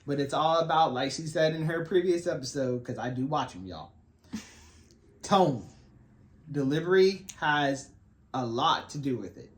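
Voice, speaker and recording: A man co-hosting a faith-based podcast with his wife, giving relaxed, folksy advice to married men. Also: fairly high pitch, unhurried, pauses often. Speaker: podcast co-host. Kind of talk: faith-based casual chat.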